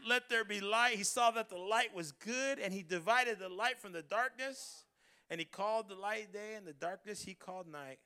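High, bright-voiced preaching pastor. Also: male voice, moderate pace, clear, resonant tone. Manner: preaching with congregation call-and-response, building to shouts. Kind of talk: sermon. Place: church Christmas service.

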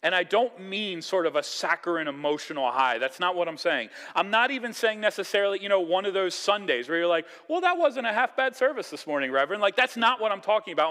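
A man preaching a sermon in a conversational, animated way, acting out quoted voices. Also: high-pitched, a little fast, few pauses, big-room sound. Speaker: pastor.

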